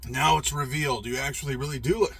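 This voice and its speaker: A man's voice: mid-range voice, fairly even intonation, fast, a bit bright, breathy edge. A middle-aged man telling a personal story in a rambling, profane, emphatic way, with frequent restarts. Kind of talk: casual storytelling monologue.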